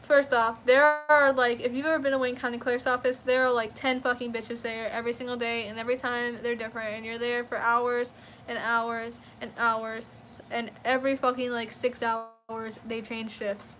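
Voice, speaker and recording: A young woman with a high, bright voice tells a story in a loose, profane storytime rant, flaring up quickly as she goes. Faint room hiss sits behind her. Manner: profane, animated, quick to flare up. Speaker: vlogger.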